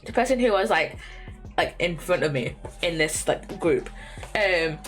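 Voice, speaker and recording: With a lowish voice, lively intonation and a measured pace, a young woman streams casual chat from her bedroom. Faint lo-fi music plays as she rambles through fillers, restarts and quiet laughs.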